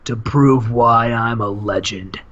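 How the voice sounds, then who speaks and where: A man putting on a slow, boastful wrestling legend cutting a dramatic promo, on a dull lo-fi mic. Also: medium pitch, a bit bright, voice pushed down.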